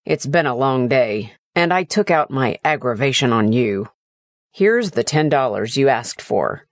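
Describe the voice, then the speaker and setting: A woman's voice: extremely low pitch, expressive, a little slow, dry recording, exaggerated voice. A woman voicing a tired working father who talks curtly to his son. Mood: apologetic. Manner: curt, irritable.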